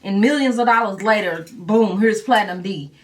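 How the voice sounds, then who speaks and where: A woman's voice: mid-range voice, moderate pace, recorded from a distance, slight background noise. A woman, telling candid stories and laughing often in a long-winded Q&A chat. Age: 40s. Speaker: vlogger. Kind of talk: casual Q&A chat.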